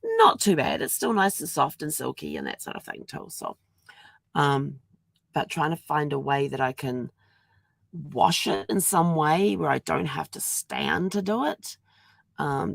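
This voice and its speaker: A woman's voice: sits low, big pitch swings, moderate pace, vocal fry, dry recording. A middle-aged woman hosting a casual daily video diary while ill with a sore throat and congestion, talking around a throat lozenge, chatty and rambling, laughing at herself. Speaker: vlog host.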